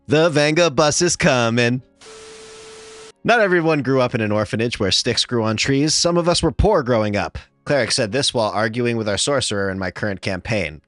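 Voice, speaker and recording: A man narrating tabletop game stories in a scripted, even reading. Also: low voice, no echo. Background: faint music.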